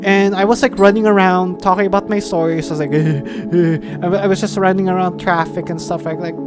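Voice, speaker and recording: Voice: mid-range voice, level tone, fast. A streamer from the Philippines chatting casually on a live stream, rambling and playful, swearing and laughing often. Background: background music.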